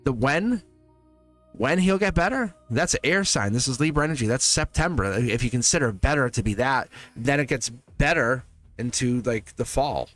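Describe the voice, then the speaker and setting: A man hosts a live tarot reading, talking straight to his viewers in a loose, chatty way. He laughs often and doubles back on his words. His voice sits in an ordinary middle pitch, with faint music playing underneath. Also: lively intonation, normal speed, a bit bright. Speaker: tarot reader, livestream host.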